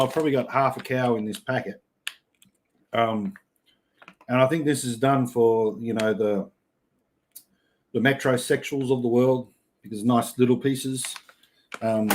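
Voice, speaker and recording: A man's voice: mid-range voice, a little mellow, a little hiss or hum. A middle-aged Australian man hosting a casual livestream, reading chat and yarning in a laid-back way with blokey slang and frequent laughs.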